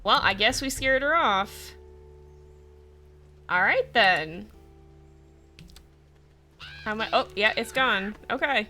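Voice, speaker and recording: A woman streamer chatting casually over a wolf game, laughing often and loudly, with a light lilt. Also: a little high, animated, slow, pauses often, faint music behind. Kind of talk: casual gameplay commentary.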